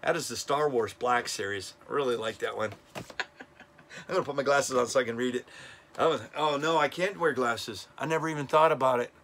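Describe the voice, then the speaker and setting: A man's voice: mid-range voice, fairly quick, a bit bright, slight background noise. A middle-aged man hosting a casual toy countdown vlog, enthusiastic and chatty, often stumbling over names. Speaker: toy review channel host.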